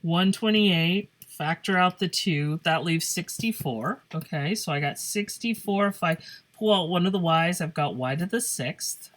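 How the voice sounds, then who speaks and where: A woman teaches a casual classroom math lesson in a playful, joking way, thinking aloud as she works through problems. Her voice is on the low side and unhurried, recorded by a phone camera held over paper.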